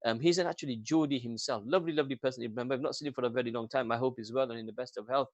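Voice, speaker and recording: A man hosting a local radio show in casual chat, jokey and rambling, with a British accent, getting excitable and reading phone numbers out slowly. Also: mid-range voice, no echo, highs cut off. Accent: British English. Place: radio studio.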